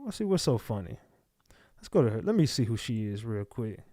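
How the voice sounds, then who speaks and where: A man's voice: medium pitch, sing-song, brisk, dark tone, no echo, studio quality. A man hosting a livestream, reading chat comments aloud and snapping back at viewers in blunt, profane casual talk. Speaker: livestream host.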